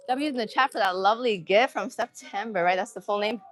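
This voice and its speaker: A woman's voice: on the high side, normal speed, hardly any pauses. Chatty hyped woman streaming from a gym. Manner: chatty, hyped, slangy, greets chat constantly. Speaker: livestreamer. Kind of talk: casual livestream chat while working out. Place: empty gym.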